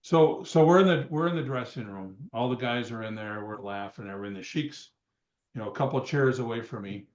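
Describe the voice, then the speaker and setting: A man's voice: mid-range voice, brisk. A man in his sixties, a guest on a podcast, telling rambling stories and chuckling between them. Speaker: guest, retired wrestler. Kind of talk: casual storytelling. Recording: roomy, dull remote sound.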